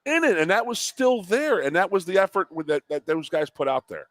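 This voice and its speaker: A man's voice: high voice, a little fast, no room sound. Sports talk co-host, male, fired up, stumbling over restarts, dry close mic. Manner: animated, worked up, repetitive restarts. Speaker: co-host, former player. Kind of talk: sports talk show chat.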